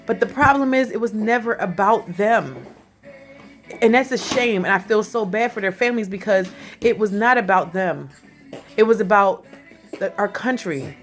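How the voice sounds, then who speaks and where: A woman in her forties talking in a casual commentary vlog, animated and chatty, often laughing as she speaks. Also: medium pitch, moderate pace, faint music behind. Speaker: vlogger.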